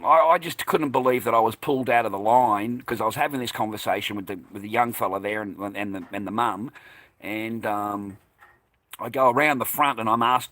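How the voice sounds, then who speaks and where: A man's voice: medium pitch, a bit bright. An Australian man telling a personal story in a casual, profane, combative monologue. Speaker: vlogger recounting a personal incident.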